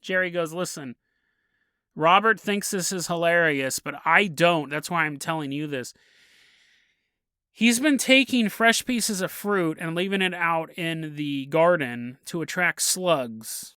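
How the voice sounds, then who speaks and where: Guy telling a weird story on his podcast, bright sharp voice, laughs a lot, dry close mic. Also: on the high side, lively intonation, a little slow, clear, resonant tone, dry recording. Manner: laughing often, acting out quoted voices. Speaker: podcast host.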